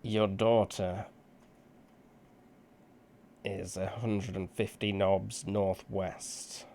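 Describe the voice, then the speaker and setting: A man's voice: low-pitched, flat delivery, very slow, a little mellow, heavily acted. A man voicing a stern male sorcerer who speaks in cold, threatening tones, sometimes with a nasal English-style voice.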